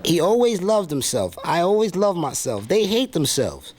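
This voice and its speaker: A man's voice: high-pitched, big pitch swings, normal speed, a little mellow, voice pushed up. Man putting on a bitter brash rapper. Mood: mocking. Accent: New York. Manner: brash, cursing, boastful. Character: bitter loud male rapper who loves himself.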